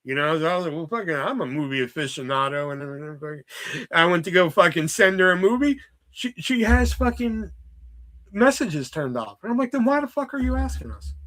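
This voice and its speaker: A man's voice: a little high, lively intonation, fairly quick, fairly bright tone. A man streaming live, rambling in a casual, exasperated rant full of swearing. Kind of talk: casual profane livestream rant.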